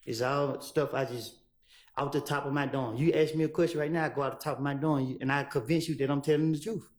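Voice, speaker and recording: A man's voice: mid-range voice, steady tone, fast talker. A man testifying as a witness in a courtroom. He answers evasively in street slang. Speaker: trial witness.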